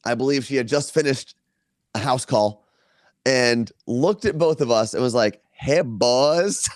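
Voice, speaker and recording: A man's voice: mid-range voice, normal speed, no echo, clean studio sound. Rambling, laughing male podcast host. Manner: rambling storyteller, laughs often. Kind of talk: casual chat.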